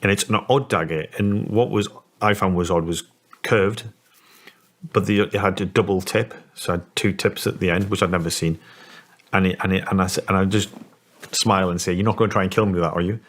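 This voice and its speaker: A Scottish man in his forties, telling a story in an interview in a halting way, with many restarts. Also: sits low, steady tone, a bit bright. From Scotland. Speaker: interview guest.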